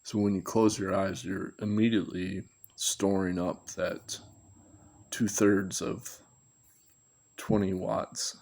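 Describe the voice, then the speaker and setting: A man's voice: deep voice, level tone, slow, vocal fry, long pauses, a little mellow. A man giving a rambling, unscripted commentary, thinking aloud and correcting himself as he goes. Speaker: video commentator.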